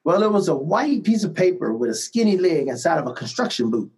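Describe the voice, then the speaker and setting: A middle-aged man telling stories from his music career in a casual interview, animated and laughing often. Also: a little high, brisk, rough recording. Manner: animated anecdotes with frequent laughs and repeated "man" and "right?". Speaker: musician guest.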